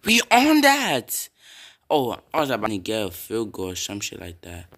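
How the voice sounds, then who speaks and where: A young man casually commenting on his own football video game, swearing and breaking into loud yells at big plays. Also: on the low side, a little fast, creaky. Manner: reactive, swears often, bursts into loud yells.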